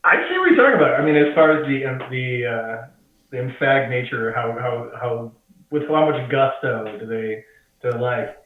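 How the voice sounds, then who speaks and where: Hesitant podcast guest on an echoey, muffled line. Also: male voice, mid-range voice, expressive, normal speed. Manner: hesitant, searches for words. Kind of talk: casual podcast chat.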